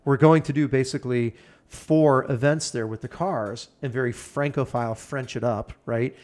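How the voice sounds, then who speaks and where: Male podcast guest, excitable big-ideas talker, middle pitch. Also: normal speed. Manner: enthusiastic, rambling, piles up plans. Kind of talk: casual chat.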